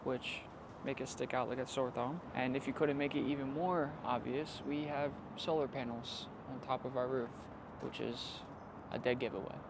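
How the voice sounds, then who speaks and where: A man from the US East Coast vlogging casually outdoors, telling his story emphatically with sudden louder bursts. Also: mid-range voice, fairly even intonation, normal speed, noisy background. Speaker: vlogger living in a bus. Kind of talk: casual vlog to camera. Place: outdoors in a city street.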